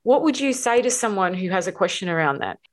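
A woman's voice: mid-range voice, sing-song, fast talker. A woman hosting a relationship coaching podcast, talking emphatically and repeating words for stress. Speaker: podcast host.

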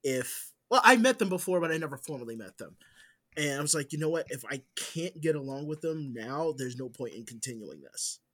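A man co-hosting a casual podcast, telling stories in an animated way, swearing freely and swinging between loud bursts and hushed asides. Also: on the high side, a little fast. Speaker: podcast co-host. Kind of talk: casual chat.

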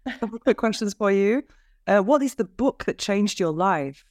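A woman's voice: medium pitch, normal speed, no echo. Laughing woman podcast host, dry sound. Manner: lively storytelling, laughs often. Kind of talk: casual podcast chat.

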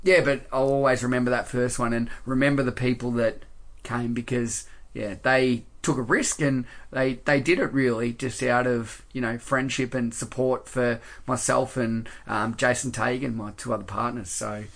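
An Australian man speaking as a podcast guest in an easygoing, rambling way, full of "you know" and "mate". His voice sits at an average pitch for a man, neither high nor deep. He talks like someone chatting late at night after a long day. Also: moderate pace, vocal fry. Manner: relaxed and rambling, many fillers and "mate". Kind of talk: casual interview chat.

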